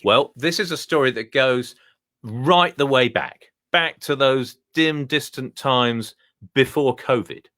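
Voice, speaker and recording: A man telling a comic story to an online group in a theatrical, animated way over a video call. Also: mid-range voice, slow.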